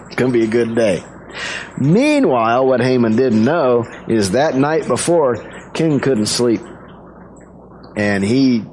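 A man preaching a sermon as a pastor, retelling a story in a casual, conversational way with quick asides. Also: mid-range voice, a little mellow, a little hiss or hum, low-quality recording.

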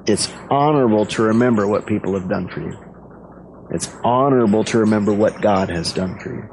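A man preaching a sermon as a pastor, retelling a story in a casual, conversational way with quick asides. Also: fairly low pitch, a little mellow, slight background noise, rough recording.

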